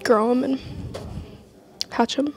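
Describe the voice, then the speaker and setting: A woman's voice: sits high, fairly even intonation, slow pace. Teasing girl co-host. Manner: teasing, casual. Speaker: student co-host. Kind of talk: student broadcast chat.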